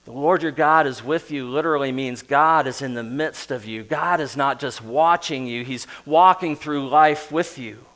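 A middle-aged man preaching a sermon as pastor, earnest, with soft quiet drops and emphatic bursts. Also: medium pitch, moderate pace, hardly any pauses.

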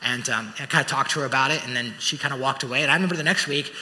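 A man preaching a sermon as pastor, telling stories with animated, acted-out voices. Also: mid-range voice, very fast. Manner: animated storytelling, acts out voices. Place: church auditorium. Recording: church hall reverb.

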